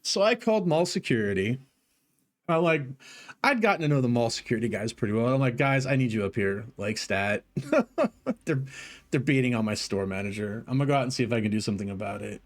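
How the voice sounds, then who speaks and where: A man's voice: medium pitch, fast. A man streaming, telling long casual stories with lots of swearing and filler words. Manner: profane, rambling, animated in retelling. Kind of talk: casual storytelling chat.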